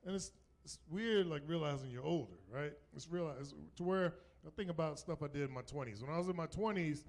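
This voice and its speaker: Southern man in his 50s, stand-up comic, slightly high voice, loose and chatty, tags jokes with "right?". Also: brisk. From North Carolina, US. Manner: loose, conversational, keeps asking "right?" and laughing at his own jokes. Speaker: stand-up comedian. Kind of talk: stand-up comedy set. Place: comedy club stage. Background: audience laughter.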